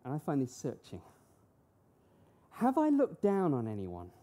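A woman's voice: low voice, huge pitch swings, unhurried, warm tone. A woman preaching a sermon, emphatic and full of rhetorical questions that she answers herself. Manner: emphatic, uses rhetorical questions and acted-out quotes.

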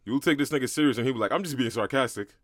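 A young man from Brooklyn, co-hosting a podcast in slangy, animated casual chat. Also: medium pitch, dry recording. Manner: fast, slangy, animated storytelling. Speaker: podcast co-host.

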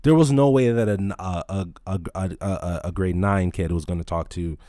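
A man's voice: low voice, normal speed, mellow, no room sound, clean studio sound. A man in his late twenties, a podcast host, telling a rambling, profane story in casual talk.

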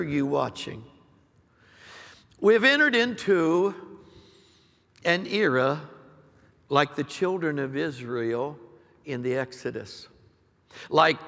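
A man's voice: on the high side, creaky, a bit bright. A middle-aged male senior pastor preaching a live sermon, building his points through repeated, rising declarations. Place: large church sanctuary. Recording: live recording with long hall reverb.

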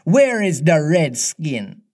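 A man's voice: a little high, lively intonation. Captain Hook, read by a man. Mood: commanding. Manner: theatrical, drawn-out old-fashioned speech. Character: menacing, shaken pirate captain, older man.

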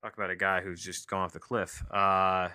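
A man's voice: sits low, little pitch movement, moderate pace, pushed and bright, smooth, no room sound. A man reviewing a movie from his home office, rambling and self-deprecating, with many fillers and restarts.

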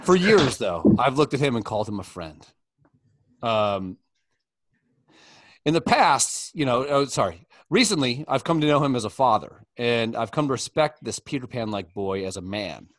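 A man's voice: mid-range voice, lively intonation, moderate pace, dry recording. A middle-aged man talks in loose, crude banter, rambling and joking as he tells stories. His voice sits in an everyday range, and the recording is dry and close with no room sound. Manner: joking, rambling, reads a roast speech aloud.

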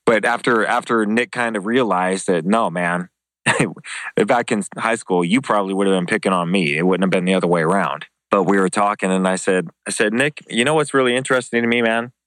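A former MMA show host, appearing as an interview guest, tells casual anecdotes fairly quickly, swearing freely. He's animated and acts out other people's lines with jumps in pitch, and there's no room sound.

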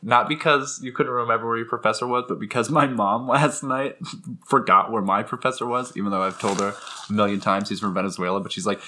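A man's voice: on the low side, steady tone, fairly quick, sharp tone. A man co-hosting a comedy podcast from a couch at home, rambling casually and often breaking into laughter. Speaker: podcast co-host. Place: living-room couch at home.

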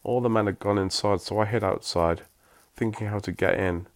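A man voicing a brisk, urgent young woman. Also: fairly low pitch, fairly even intonation, natural voice. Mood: explaining. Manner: urgent, clipped commands.

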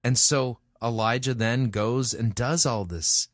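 A man's voice: medium pitch, takes it slowly, dry recording. A man hosting a show, reading scripture aloud and cutting in with dry, sarcastic remarks. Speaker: podcast host and critic.

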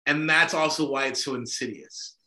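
An emphatic man co-hosting a podcast discussion. His voice sits a little high and sounds bright and forceful. The echo of the room is clearly heard around him. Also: moderate pace. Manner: emphatic, discursive, with frequent "right?" checks. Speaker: podcast co-host. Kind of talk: conversational discussion. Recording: echoey room.

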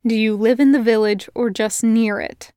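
A woman's voice: on the high side, steady tone, normal speed, dark tone, clear, resonant tone, no echo, natural voice. A woman reading an audiobook voices a brooding male fae prince who snaps and hisses with anxious tension, staying close to her own voice. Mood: gruff snapping. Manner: tense, snapping, hissing.

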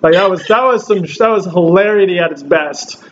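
A high-voiced man from Southern California hosts a relaxed podcast, spinning a story with lively acted-out quotes and frequent laughs. The recording sounds a little dull, with a faint hiss underneath. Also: normal speed. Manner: animated storyteller who acts out quotes and laughs often. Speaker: podcast host. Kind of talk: casual chat, storytelling.

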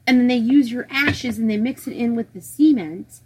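A woman's voice: fairly high pitch, moderate pace, dark tone, slight background noise, poor audio. A woman co-hosting a podcast who tells stories in casual chat and is easily grossed out. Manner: chatty storyteller, easily grossed out. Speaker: podcast co-host.

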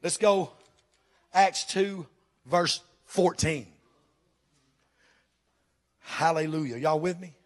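A man's voice: on the high side, slow pace, long pauses. A pastor preaching a fervent sermon to his church, firing questions at the congregation.

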